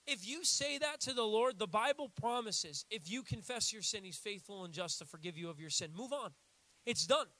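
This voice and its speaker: A young American man preaching a sermon in a casual, animated way, acting out little quotes as he goes. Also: sits high, moderate pace, no room sound. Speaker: pastor.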